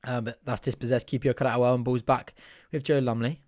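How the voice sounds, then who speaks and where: A young man hosts a live fan watch-along, delivering chatty, partisan play-by-play that erupts into excited shouting at chances. His medium-pitched voice moves fairly quickly, recorded in clean studio sound with no echo.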